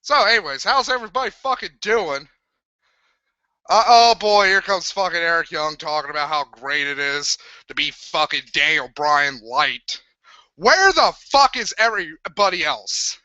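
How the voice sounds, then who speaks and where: A young man rants through a live wrestling review with crude, swearing sarcasm, his pitch leaping all over the place. His voice is bright and sharp, close and dry on a dull, lo-fi computer mic. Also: lively intonation, moderate pace, dry recording. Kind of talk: profane live review rant. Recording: dull lo-fi sound.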